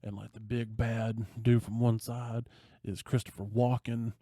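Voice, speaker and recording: A man's voice: medium pitch, a little slow, no room sound, studio quality. A man co-hosting a podcast, telling a movie plot in casual chat and acting out the characters' lines as he goes. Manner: animated storyteller, acting out quoted lines. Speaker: podcast co-host.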